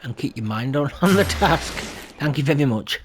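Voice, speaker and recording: A man's voice: medium pitch, animated, moderate pace, noisy background. A man chatting casually over gameplay as a channel host, self-deprecating and prone to laughing at himself. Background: faint game music.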